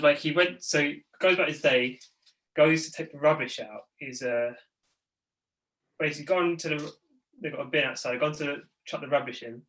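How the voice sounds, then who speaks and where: Young London co-host, chatty storyteller, bright clear tone, everyday pitch. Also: male voice, rough recording. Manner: storytelling, lots of fillers. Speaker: podcast co-host. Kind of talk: casual chat.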